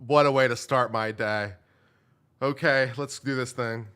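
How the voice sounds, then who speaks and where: A young man chats casually on his live stream, joking and thanking viewers as he reacts. His voice has a bright, forward tone at an ordinary pitch. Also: fairly even intonation, measured pace, smooth.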